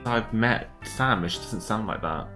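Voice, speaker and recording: A woman's voice: very deep voice, unhurried, a bit bright, soft background music. A woman co-hosting a casual vlog, dry and teasing. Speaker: co-host. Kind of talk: casual chat.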